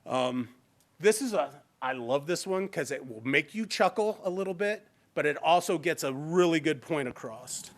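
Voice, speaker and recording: A man's voice: on the high side, expressive, normal speed. A man leading a fair housing training workshop in a chatty, informal, conversational way, speaking into a handheld microphone in a training room. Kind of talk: workshop lecture.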